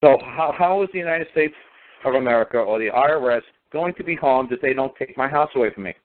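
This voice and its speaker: A man with a mid-range voice talks fast as a guest on a call-in talk show, ranting with emphasis and going over the same points again. It's casual phone-in talk heard through a tinny line.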